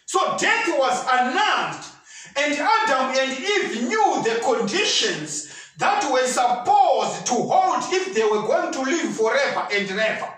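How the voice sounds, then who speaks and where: A man preaching a sermon with fervor, often shouting for emphasis. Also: very high voice, sing-song, slow. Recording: echoey room, mic at a distance.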